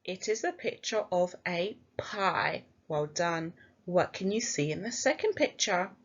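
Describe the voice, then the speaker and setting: Slow, sing-song English woman teacher. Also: lowish voice, very animated, highs cut off. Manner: slow, sing-song, encouraging teacher talk, sounding out letters. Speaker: primary school teacher. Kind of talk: recorded phonics lesson for children.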